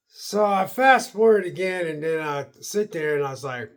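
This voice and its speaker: A man's voice: on the high side, very animated, fairly quick, few pauses. A middle-aged man vlogging a casual, rambling movie review, repeating himself and acting out his own reactions. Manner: rambling and repetitive, quoting himself.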